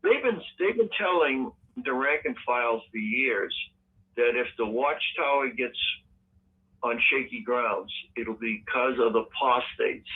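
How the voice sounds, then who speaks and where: A man's voice: mid-range voice, lively intonation, measured pace. Man talking over a tinny phone line. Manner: emphatic, argumentative. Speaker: co-host. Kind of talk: casual call-in radio talk.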